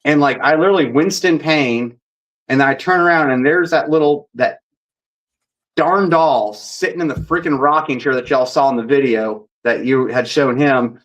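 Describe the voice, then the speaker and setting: A man being interviewed as a paranormal investigator, telling stories in a rambling, animated way and acting out the dialogue. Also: medium pitch, moderate pace, poor audio. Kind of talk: casual storytelling.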